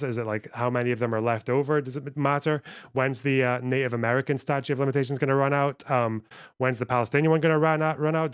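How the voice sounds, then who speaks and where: A man's voice: mid-range voice, clear, resonant tone, dry recording, studio quality. Profane man streaming live. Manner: profane, rambling, reacting to chat. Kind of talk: casual live-stream chat.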